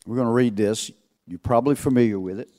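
Preaching fast in a medium-pitched voice, a man addresses a congregation. He alternates booming calls with hushed asides and poses rhetorical questions.

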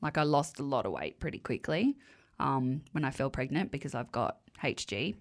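A woman's voice: very deep voice, expressive, moderate pace. A woman in her thirties co-hosting a podcast, telling candid stories in casual chat with frequent laughs. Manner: candid, giggly storyteller. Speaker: podcast co-host.

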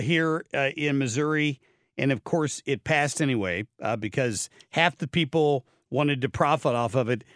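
A man's voice: a little high, fairly bright tone, dry recording. A man hosts an opinionated talk radio show from a dry, close studio mic. He sounds blunt and sardonic and stumbles through fillers and restarts as he comments on the news. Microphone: studio microphone.

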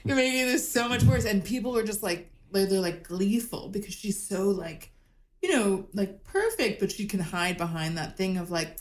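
On a video call, a woman guesting on a comedy podcast spins animated, chatty stories loaded with fillers. She speaks in a mid-range voice at normal speed, and the audio has a roomy quality.

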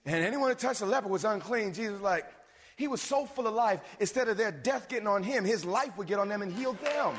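A man preaching a sermon, animated, swinging between loud bursts and low asides. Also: a little fast, slight background noise. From suburbs. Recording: long reverb of a hall.

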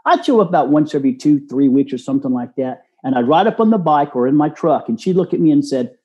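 Earnest older man with a mellow voice. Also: a little high, animated, quick pace, lo-fi sound. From Texas. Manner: earnest, folksy, acts out quoted voices. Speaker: guest. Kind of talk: casual storytelling.

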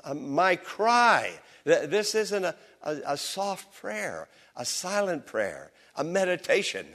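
A man's voice: sits high, sing-song, slow pace, fairly bright tone. A middle-aged man preaching a sermon as pastor in a church, his voice swelling and dropping with passion. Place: church sanctuary.

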